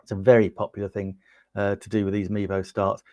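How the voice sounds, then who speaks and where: A man's voice: on the low side, monotone, a little fast, darkish tone, no echo. An English man hosting a livestream, chatting upbeat with viewers and demonstrating a camera, with lots of ums, on a lapel mic in a small home studio. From United Kingdom. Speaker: livestream host demonstrating gear. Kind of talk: casual product demo on a livestream.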